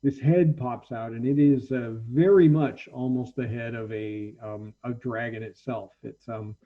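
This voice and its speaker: A man narrating as the game master of a tabletop role-playing game, halting and full of ums as he describes the scene. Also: mid-range voice, steady tone, phone-quality sound.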